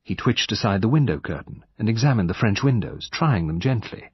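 Husky man narrating an audiobook. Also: fairly low pitch, animated, a little fast, no room sound, highs cut off.

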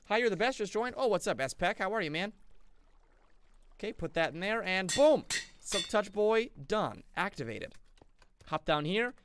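Young man, gaming streamer, high voice, lively swings in pitch, goofy and excitable. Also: moderate pace, noisy background. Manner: playful, goofy, jokes with chat; excitable, shifting energy. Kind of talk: live-streamed gameplay commentary.

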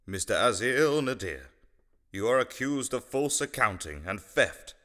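A man as formal judge, measured, bright tone. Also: medium pitch, sing-song. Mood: stern. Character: stern matter-of-fact male judge.

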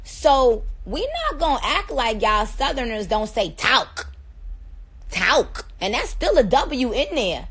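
A woman from Trinidad hosts a phone livestream from a dim room, chatting playfully and directly to her viewers. Her voice is a little high and sing-song, at a measured pace with few pauses and a breathy edge, though the audio is poor.

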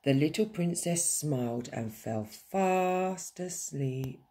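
A woman teacher reading a children's story aloud with expressive storytelling. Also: low-pitched, slow, a little hiss or hum.

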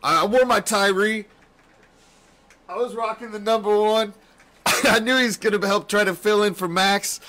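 Fired up guy ranting about his team from his home studio, swears nonstop, laughs a lot, kinda high voice. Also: measured pace, pauses often. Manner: excitable, swears constantly, laughs often, swings between yelling and muttering. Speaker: host of a fan reaction show. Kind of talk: profane postgame rant.

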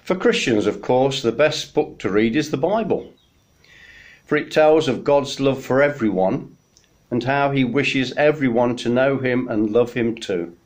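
A male minister delivers a midweek message at a slow, measured pace. His voice sits at an ordinary middle pitch, and he tells stories with gentle pauses between words. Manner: unhurried storytelling, gentle pauses.

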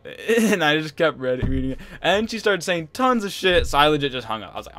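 A man's voice: medium pitch, big pitch swings, fast, bright, forceful tone. A young man hosting a gaming channel, telling a rambling, exasperated story over gameplay and swearing often.

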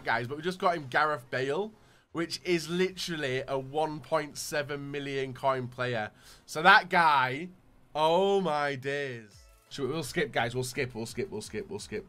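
A man giving gaming commentary as he opens packs, excitable, dropping to low muttering and then bursting into shouts. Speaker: gaming YouTuber. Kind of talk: pack-opening gaming commentary.

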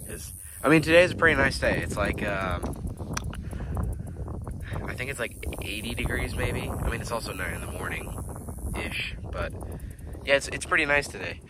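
A man's voice: medium pitch, lively intonation, moderate pace, pauses often. A young man chatting casually in a rambling, laid-back way while filming on a farm, his nose a little stuffy. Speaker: farm vlogger. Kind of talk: casual vlog chat. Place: outdoors on a farm by animals. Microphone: handheld camera. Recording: outdoor noise, wind and water. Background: running water and wind.

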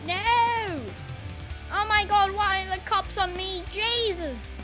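Woman, very high voice, slow unhurried delivery, excitable gameplay commentary, faint music behind. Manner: excitable, exclaiming and laughing. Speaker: gaming channel host.

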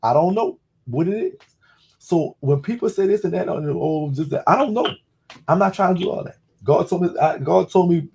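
A man's voice: fairly high pitch, lively intonation, moderate pace, warm tone, husky. A man with a Louisiana accent hosting a casual call-in talk, telling a personal story loosely, with many restarts and blunt cursing. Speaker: host.

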